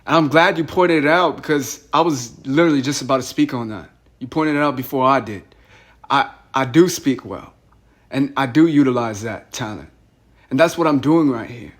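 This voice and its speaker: A man's voice: mid-range voice, moderate pace, fairly bright tone. A young man on a phone call, agitated and rambling, who often repeats himself. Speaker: caller.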